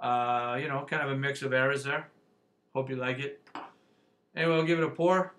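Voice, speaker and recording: A man's voice: mid-range voice, steady tone, brisk, fairly bright tone. A man reviewing a beer on his channel, talking casually in a rambling, folksy way, full of fillers and "eh".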